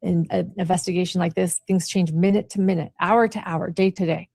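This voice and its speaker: A woman's voice: lowish voice, steady tone, a little fast, vocal fry, darkish tone, breathy edge, dry recording, studio quality. A woman reporter giving a firm, emphatic live stream update on a criminal case. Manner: firm and emphatic, repeats the key point. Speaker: crime reporter. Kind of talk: live stream news commentary.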